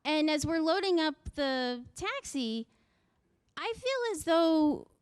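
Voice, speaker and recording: A woman's voice: high voice, expressive, slow pace, no room sound. A middle-aged woman telling a comic personal story in a wry, self-mocking way, acting out the voices she quotes.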